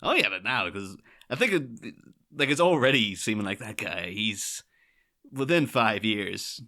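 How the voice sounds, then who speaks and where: A man's voice: fairly low pitch, expressive, measured pace, sharp tone. A man co-hosting a podcast in casual chat, rambling through asides and laughing often. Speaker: podcast co-host.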